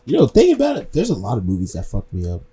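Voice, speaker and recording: A man co-hosting a podcast, joining in with animated, teasing banter and plenty of swearing. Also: lowish voice, quick pace, slight background noise. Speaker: podcast co-host. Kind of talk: casual chat.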